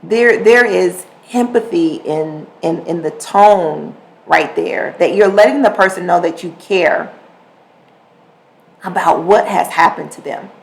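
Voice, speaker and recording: A woman's voice: fairly low pitch, takes it slowly, gravelly, rough recording. A woman hosting a podcast, talking casually about communication and acting out short examples as she goes. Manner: conversational, animated, acts out examples. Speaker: podcast host. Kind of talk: solo podcast talk on communication.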